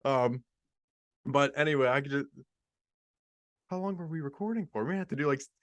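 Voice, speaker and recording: A man's voice: medium pitch, fairly quick, no echo. A male podcast co-host chatting casually on a video call, giggling and rambling as he stumbles over his words. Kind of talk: casual comedic chat.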